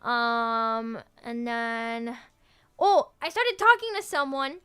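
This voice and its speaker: A young adult woman streaming as a VTuber, chatting casually in a rambling, excitable way full of fillers and restarts. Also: a little high, slow, clear, resonant tone. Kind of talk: casual livestream chat.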